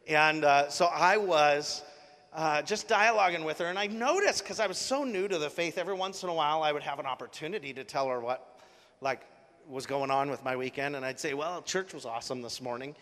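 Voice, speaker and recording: A man with a slightly high, somewhat bright voice preaches briskly in a casual, earnest storytelling sermon, full of fillers and restarts. Long hall reverb surrounds the recording.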